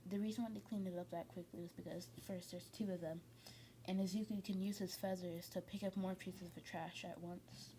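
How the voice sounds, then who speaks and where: A woman's voice: medium pitch, mellow, a little hiss or hum. A woman casually retelling a fan story, rambling with many fillers and restarts.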